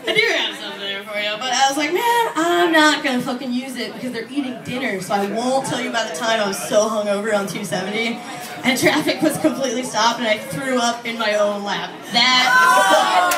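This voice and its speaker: A woman's voice: fairly high pitch, animated, brisk, far from the mic. A woman doing a stand-up comedy set, rambling and profane, laughing often as she talks. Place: small comedy club stage. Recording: echoey club, mic heard from afar, loud crowd.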